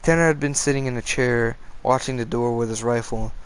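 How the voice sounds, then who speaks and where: A man telling a scary story in a casual, chatty way, swapping in softened swear words and going off on tangents. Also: medium pitch, a little fast, clean tone, low-quality recording. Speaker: storyteller reading scary stories.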